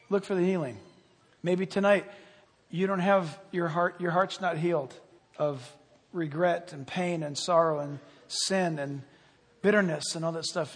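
An older man preaching a sermon with fervor, rising loud on key points and dropping quiet. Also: sits high. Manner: fervent, swells loud on key points then drops quiet. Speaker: pastor. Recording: long hall reverb.

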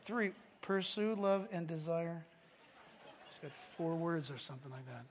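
A man preaching a sermon as pastor, animated and swinging from hushed asides to shouts. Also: fairly high pitch, unhurried, in a large hall, slight background noise. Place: church.

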